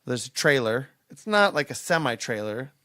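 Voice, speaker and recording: A man's voice: mid-range voice, sing-song, normal speed, sharp tone, no room sound, studio quality. A man co-hosting a podcast, telling stories and chatting casually in a wry, rambling way. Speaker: podcast co-host.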